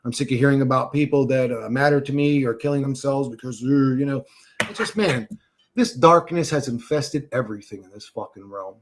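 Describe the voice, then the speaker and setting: A man's voice: medium pitch, a little fast, background noise. A man hosting a livestream, ranting and swearing as he answers chat comments. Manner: agitated, profane, talks back to chat comments. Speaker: livestream host reading chat. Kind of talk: casual livestream rant.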